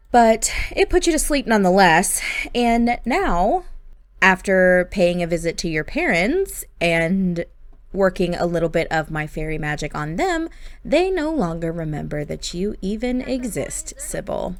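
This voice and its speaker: A smug fairy husband who calmly brushes off his wife's distress, as a woman voices him in her own register. His delivery is unhurried and dismissive, set in a dry, close room with no echo. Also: lowish voice. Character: cold scheming male fairy husband.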